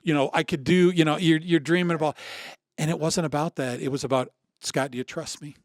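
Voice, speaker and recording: Speaking briskly in a slightly high voice, a man in his sixties from Michigan, USA, tells a personal story as a guest on a podcast. The conversation is casual, and he animatedly acts out what others said, restarting his sentences a lot.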